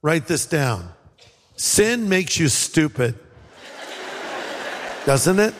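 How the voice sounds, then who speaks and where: A man's voice: a little high, very animated, drawn-out words, long pauses, long reverb tail, a little hiss or hum. A man from California preaching a sermon in a conversational way, acting out quoted lines. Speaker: pastor.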